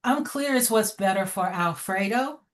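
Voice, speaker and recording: A woman's voice: mid-range voice, normal speed. A middle-aged woman teaching over a video call, giving direct, encouraging feedback with frequent laughter. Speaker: educator. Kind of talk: online class feedback.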